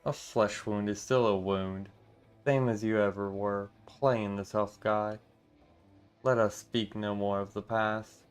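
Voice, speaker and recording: A man reading every part of a game story aloud in a steady, mostly plain voice, breaking off now and then for casual asides. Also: fairly low pitch, clear, resonant tone.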